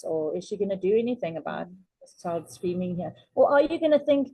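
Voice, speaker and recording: A woman's voice: on the high side, very animated, brisk, dark tone, slightly rough, no echo, rough recording. A woman speaking in a conversational interview, reflectively posing questions to the listener. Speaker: interview guest.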